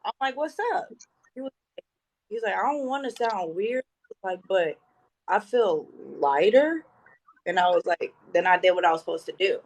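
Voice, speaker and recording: Brief: woman, 30s, casual guest, lively storyteller doing voices in her anecdotes. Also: medium pitch, brisk, rough recording. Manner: animated, acts out quoted dialogue. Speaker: podcast guest.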